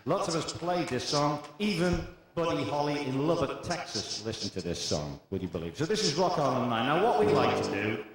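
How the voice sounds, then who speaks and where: An older man, a band's frontman, chatting between songs at a live show and telling stories with quick asides. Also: medium pitch, sing-song. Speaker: band frontman. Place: concert hall stage. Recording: echoey live hall with band.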